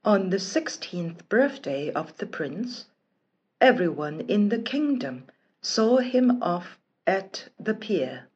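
A woman narrating a children's storybook in a slow, expressive, careful reading voice. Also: medium pitch, slightly rough, muffled recording.

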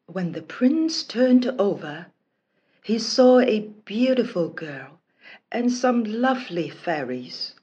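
Very slow, breathy woman reading a storybook. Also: medium pitch, lo-fi sound. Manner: slow, expressive, careful. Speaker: narrator. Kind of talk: storybook narration.

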